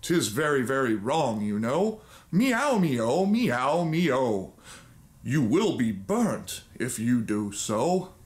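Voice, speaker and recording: A man's voice: medium pitch, big pitch swings, takes it slowly. A man voicing two fussy pet cats from a storybook who meow and scold a girl. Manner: meowing warnings.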